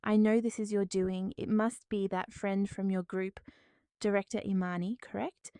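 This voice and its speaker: A woman voicing a ruined husband who pleads hysterically for help, in a mellow, smooth voice. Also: medium pitch, little pitch movement, moderate pace, no room sound, close to an everyday voice. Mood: frantic. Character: desperate ruined man, pleading and sobbing.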